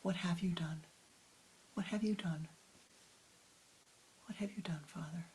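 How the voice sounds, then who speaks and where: A woman voicing a heartbroken, gentle young son who pleads softly with his father in a told story. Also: lowish voice, a little slow, a little hiss or hum, lightly acted, rough recording. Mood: pleading. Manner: pleading, soft-spoken.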